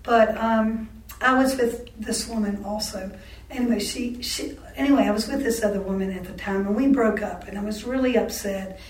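A woman in her sixties recounting her life in an oral history interview, halting and full of restarts and self-corrections. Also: medium pitch, steady tone. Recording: roomy sound from a distant mic.

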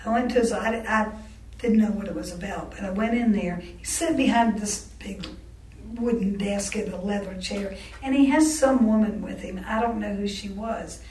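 A woman telling personal stories in an interview, candid and halting, with frequent restarts and wry laughs. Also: medium pitch, a little mellow, a little hiss or hum. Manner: laughs wryly between remarks. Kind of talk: oral history storytelling. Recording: roomy sound from a distant mic.

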